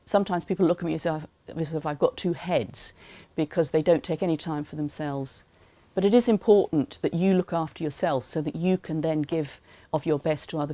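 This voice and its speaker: A woman calmly explaining voice care to teachers in an educational talk. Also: low-pitched, dry recording. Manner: calm, explanatory, practical advice. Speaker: voice health advisor for teachers.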